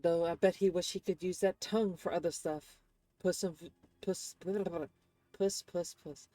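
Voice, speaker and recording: A woman's voice: on the low side, steady tone, moderate pace, mellow, no room sound. A woman streaming a game and commenting casually, often rambling and searching for words.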